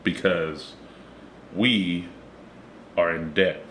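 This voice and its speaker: A man's voice: deep voice, very slow, a bit bright. A middle-aged man with a Texan accent, co-hosting a podcast in laid-back, profane casual chat. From Texas. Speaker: podcast co-host. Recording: echoey room with faint noise.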